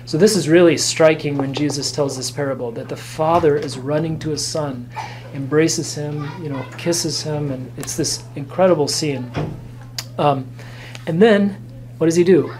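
A man, a priest teaching a catechism class, explaining gently and earnestly with fillers and restarts. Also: a little high, normal speed, low-quality recording. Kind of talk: catechism lecture. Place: church classroom.

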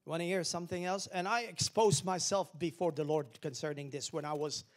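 A man's voice: a little high, fairly even intonation, fairly quick. A man preaching a sermon as pastor, emphatic and calling on the congregation to repeat after him. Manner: emphatic preaching with call-and-response.

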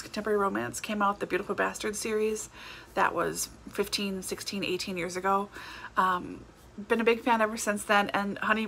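A woman's voice: mid-range voice, creaky, pushed and bright, a little hiss or hum. A woman chatting casually about books for her vlog, laughing often and correcting herself as she goes. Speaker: book vlogger. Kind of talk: casual book tag chat.

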